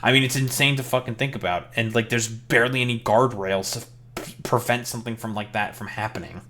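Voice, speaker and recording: A man's voice: medium pitch, steady tone, a little fast, bright, forceful tone. A young man reacting to a press conference, with a heated, rambling manner and a lot of profanity. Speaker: political commentary streamer.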